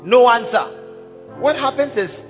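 A man's voice: very high-pitched, expressive, measured pace. A man preaching a sermon in a church hall, acting out phone calls and prayers. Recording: music and long hall reverb.

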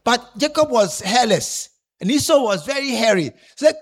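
A man's voice: very high-pitched, moderate pace. A man preaching a sermon, telling the congregation to turn to their neighbors and often repeating himself. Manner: animated, repeats himself, tells listeners to tap their neighbor.

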